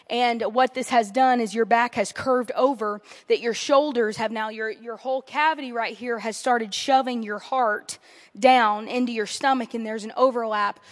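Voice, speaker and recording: A young woman and missionary telling her story in a sermon, animated and self-deprecating, quoting others as she goes. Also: a little high. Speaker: missionary and guest speaker. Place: church sanctuary. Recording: long reverb of a large hall.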